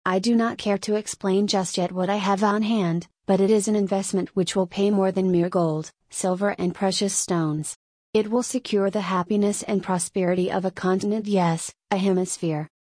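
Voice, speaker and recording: A woman's voice: mid-range voice, fairly even intonation, moderate pace, warm tone, no echo, close to an everyday voice. Woman reader voicing a grandiose, agitated man, insistent delivery, dry close sound. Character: agitated male narrator, secretive and grandiose. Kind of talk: audiobook reading.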